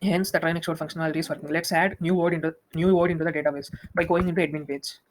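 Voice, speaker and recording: Fast, flat young man demoing an app. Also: on the high side, a little hiss or hum, poor audio. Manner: fast, flat, with frequent restarts and fillers. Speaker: student presenting a project demo. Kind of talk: software demo walkthrough.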